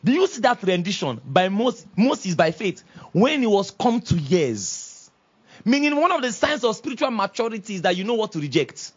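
A man preaching from the pulpit in a high, ringing voice. He leads the congregation in call and response and often rises to loud exclamations. The recording sounds dull and lo-fi. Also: big pitch swings, normal speed, breathy edge. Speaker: pastor. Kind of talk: sermon.

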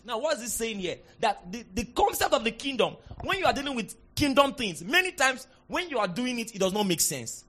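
A man with a Nigerian accent preaching a sermon, moving from soft asides to shouted declarations. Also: extremely high pitch, sing-song, fast talker, few pauses.

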